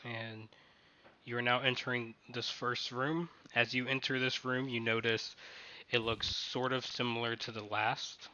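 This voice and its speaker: Slow, bright-voiced male game master. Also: mid-range voice, little pitch movement, dull audio. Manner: halting, restarts and corrects his sentences. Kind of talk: narrating a tabletop game playtest.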